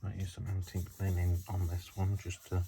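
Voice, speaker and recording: A man's voice: low-pitched, monotone, a little fast, creaky, noisy background. A man hosting a casual craft tutorial, chatting and rambling to himself as he works. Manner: chatty, rambling, self-talking while working.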